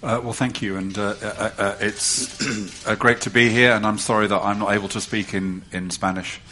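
A low-voiced man speaks as a panel guest, pausing often with filler sounds. His tone is dry and self-deprecating, with faint ambient noise in the background. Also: fairly even intonation, pushed and bright. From England. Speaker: panel guest, report author. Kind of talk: panel talk.

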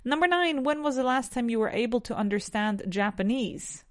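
A woman's voice: on the high side, animated, moderate pace, no echo, clean studio sound. A woman with a Spanish accent teaching English on a podcast, asking numbered questions and answering them in full sentences.

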